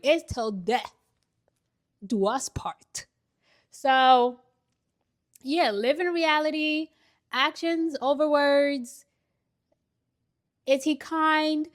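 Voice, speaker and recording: Young woman, slightly high voice, chatty and emphatic advice vlogger, indoors at home. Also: fairly bright tone. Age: young adult. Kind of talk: casual advice chat while doing a puzzle.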